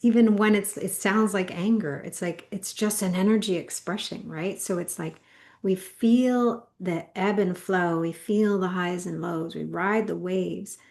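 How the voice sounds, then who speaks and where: A woman co-hosting a spiritual session, talking in a calm, measured way. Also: fairly low pitch, creaky. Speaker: co-host and spiritual teacher. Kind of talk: spiritual talk.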